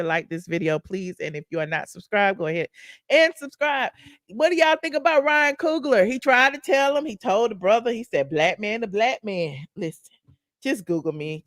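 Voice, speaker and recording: A Southern American woman hosting a live commentary stream, worked up and blunt. She swears freely, repeats herself for emphasis, and keeps hammering her points. Her voice is mid-pitched and the sound is close and dry. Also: dry recording. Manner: heated, profane, emphatic, with repetitions. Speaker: YouTube commentary host.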